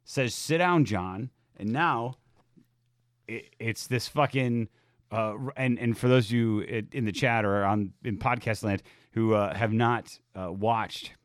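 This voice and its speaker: Low-voiced rambling podcast guy. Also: steady tone, unhurried, dry recording, clean studio sound. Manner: rambling, profane, laid-back. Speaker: podcast co-host. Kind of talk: casual podcast chat.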